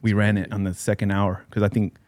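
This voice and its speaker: A man's voice: fairly low pitch, little pitch movement, a little fast, darkish tone, no echo. A man and DJ telling a story in casual chat with friends, loose and profane with bro slang.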